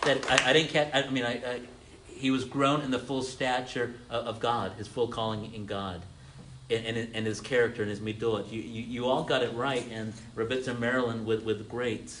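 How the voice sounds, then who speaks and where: A man's voice: medium pitch, level tone, moderate pace, fairly bright tone, slight background noise. A man preaching an interactive sermon to a congregation, calling on listeners by name, repeating their answers, and often restarting his words. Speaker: pastor teaching a congregation.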